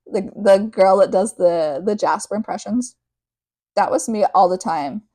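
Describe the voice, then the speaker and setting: A woman's voice: mid-range voice, a little slow, dark tone, no echo, studio quality. A young woman hosting a casual podcast, recapping a novel in a rambling, chatty way full of fillers and side tangents. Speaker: podcast host.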